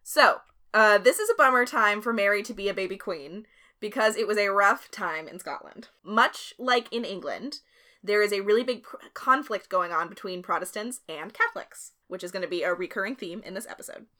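A woman's voice: medium pitch, lively intonation, fairly quick, bright, forceful tone. A woman co-hosting a podcast, telling a history story in a casual, chatty way, laughing often. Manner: laughs often, swears, uses filler like.

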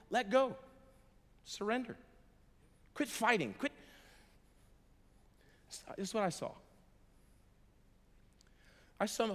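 A middle-aged American man preaching a sermon to a hall audience, earnest and emphatic, going from hushed to loud and chuckling through his stories. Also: high-pitched. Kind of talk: sermon with personal storytelling. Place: large hall before an audience. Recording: long echoey hall reverb.

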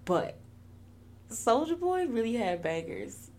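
A woman's voice: on the high side, slow pace, slight background noise. A young woman hosting a podcast, chatting casually with lots of laughter and swearing. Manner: animated, laughing, profane. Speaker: podcast host.

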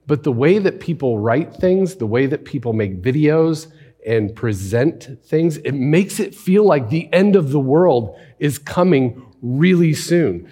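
Husky-voiced man preaching a sermon. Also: medium pitch. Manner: conversational and animated, with frequent rhetorical questions; drops to a hushed near-whisper for emphasis. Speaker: pastor.

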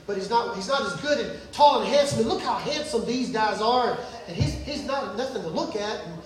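A man's voice: high voice, animated, a little fast, soft background music, voice pushed down. A man voicing a father who shrugs off his youngest son, muttering and dismissive. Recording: echoey hall from far off.

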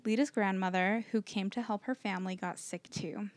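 A woman's voice: mid-range voice, steady tone, normal speed. A woman podcast co-host reading out her researched notes to her co-hosts in an earnest way, dropping lots of "like" when she talks off the page. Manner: earnest, uses "like" when chatting.

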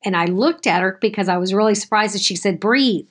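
A woman school administrator tells a classroom story in an interview, her voice at an ordinary middle pitch. She speaks in an animated way and runs the story along with plenty of detail. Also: fast talker.

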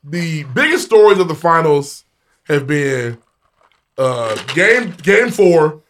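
A man co-hosting a podcast in casual chat, profane and animated, steering the topics. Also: fairly high pitch, takes it slowly, slight background noise. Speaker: podcast co-host. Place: hot indoor room, game on TV.

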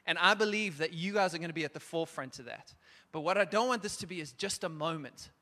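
A man preaching and calling people forward, urgent and emphatic at times, then hushed and gentle. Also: fairly high pitch, fast talker. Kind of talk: sermon with altar call. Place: church hall. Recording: long reverb of a large hall.

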